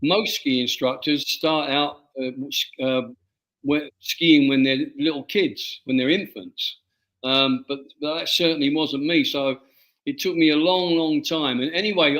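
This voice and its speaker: A man, an author being interviewed, telling a personal story in a halting way and often repeating his words. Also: fairly high pitch, fairly bright tone, poor audio. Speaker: author guest.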